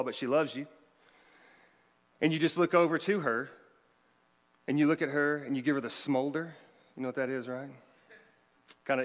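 A man, a pastor, delivering a conversational sermon with joking asides to the congregation. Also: mid-range voice. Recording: long hall reverb.

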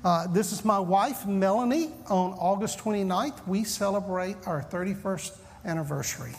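A man's voice: high-pitched, moderate pace, in a large hall, slight background noise. A man in his fifties with a Southern US accent, a pastor opening a sermon with folksy, self-deprecating stories. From Southern United States. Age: 50s.

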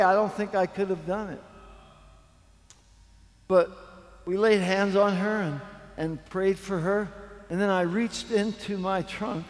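A man preaching a sermon, telling a story slowly and building to fervent emphasis. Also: sits high, long reverb tail. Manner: storytelling, slow and emphatic, rising to fervent peaks. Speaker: pastor.

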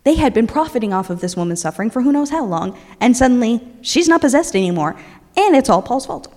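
Woman preacher, lively storytelling, slightly high voice, long reverb of a large hall. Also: quick pace. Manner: animated retelling, voicing the characters.

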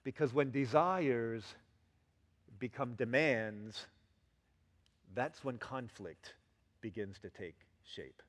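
A man's voice: medium pitch, slow, long pauses. A man giving a sermon as pastor, telling everyday stories and acting out quoted lines with lots of energy. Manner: animated storytelling with acted-out quotes. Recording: long hall reverb.

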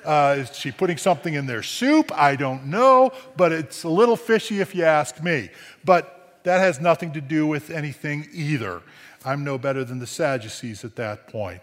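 A man's voice: fairly high pitch, lively intonation, moderate pace, a bit bright, long reverb tail. A man preaching a sermon in a conversational way, often asking "right?" and restarting phrases, with dry humor. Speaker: pastor.

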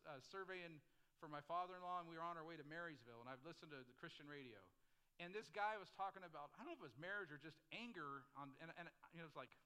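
Man, pastor, sermon, high voice, bright tone, conversational, middle-aged. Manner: conversational preaching with frequent "like" and call-and-response.

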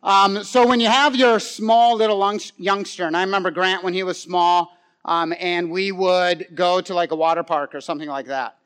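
High-voiced man preaching a sermon. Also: moderate pace, smooth. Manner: conversational, with frequent fillers and audience questions; swings from loud animated stretches to hushed, quiet emphasis. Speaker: pastor.

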